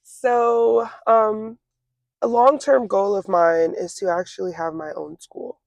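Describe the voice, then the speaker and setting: A young woman in her twenties, an interview guest speaking casually and reflectively, pausing often with fillers and restarts. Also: mid-range voice, fairly even intonation, gravelly, a little mellow, no echo. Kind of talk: casual conversation.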